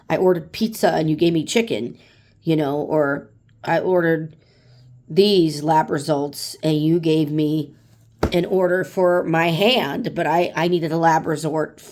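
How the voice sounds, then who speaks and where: A woman's voice: sits low, darkish tone. A woman in her late forties venting bluntly in a casual monologue, swearing freely and acting out angry customers. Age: 40s. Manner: blunt and profane, acts out customers in raised voice. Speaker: vlogger.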